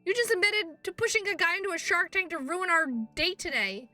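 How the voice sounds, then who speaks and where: A woman streamer reading a visual novel aloud and reacting, expressive, swearing and laughing at herself. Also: very high voice, a little fast, recorded from a distance, faint music behind. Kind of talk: game playthrough, reading and reacting.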